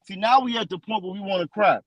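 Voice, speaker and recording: A man with a high voice leads a preaching-style scripture discussion. He hammers his points by repeating them and slows right down whenever he reads a verse aloud. The sound is dry and close. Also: fairly bright tone, dry recording, rough recording. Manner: emphatic and repetitive, restates lines for stress. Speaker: scripture teacher.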